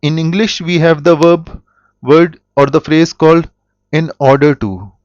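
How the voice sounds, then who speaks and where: Slow-speaking man teaching. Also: a little high, steady tone, darkish tone, no room sound. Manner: slow, deliberate, with self-corrections. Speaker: German teacher. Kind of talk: explanatory language lesson. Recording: dull, dry lo-fi audio.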